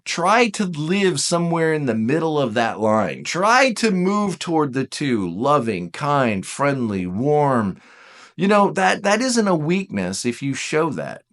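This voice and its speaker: Man teacher, casual and self-mocking, animated, fairly high voice. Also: takes it slowly. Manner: animated, self-deprecating, emphatic. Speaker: Enneagram teacher.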